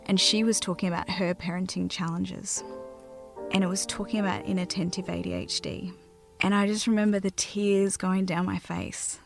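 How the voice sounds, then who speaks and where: An Australian woman recounts her family's story in a soft, halting voice that keeps sinking to a near whisper. Her voice sits low, with a gravelly fry, over faint music in the background. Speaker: mother telling her story. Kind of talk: personal storytelling interview.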